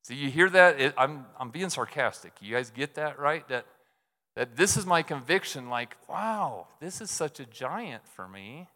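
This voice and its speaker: A man's voice: on the high side, animated, unhurried, pushed and bright. A man preaching a sermon as a pastor, candid and self-deprecating, talking conversationally with lots of fillers. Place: church sanctuary. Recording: echoey hall reverb.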